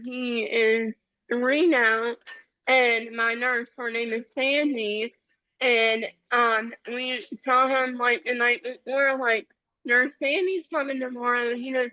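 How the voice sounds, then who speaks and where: Young woman, bright tense voice, slightly high, dry muffled mic. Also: no echo. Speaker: patient guest. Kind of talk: casual chat on a video call.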